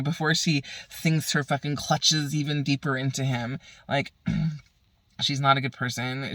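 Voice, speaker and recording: A man's voice: mid-range voice, fairly bright tone, dry recording. A man from the Bay Area ranting profanely and heatedly in a casual vlog. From San Francisco Bay Area. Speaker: vlogger.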